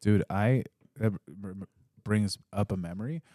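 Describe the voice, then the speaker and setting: Low mellow-voiced man, dry room. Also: normal speed, no room sound. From came to Utah. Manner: laid-back, dry jokes and corrections. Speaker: podcast co-host. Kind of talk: casual chat.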